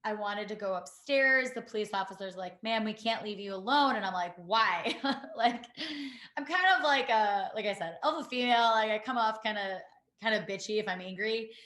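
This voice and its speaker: A woman, a podcast guest, telling a painful personal story in a halting way, full of fillers and restarts. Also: mid-range voice, fairly bright tone, echoey room. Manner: halting, many fillers and restarts, quotes others.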